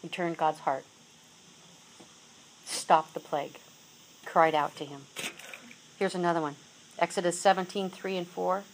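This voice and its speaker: A woman's voice: medium pitch, lively intonation, moderate pace, poor audio. A woman teaching a Bible lesson and reading scripture aloud, talking conversationally with fillers and self-corrections. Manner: reads scripture aloud with rising intensity, then drops to soft asides.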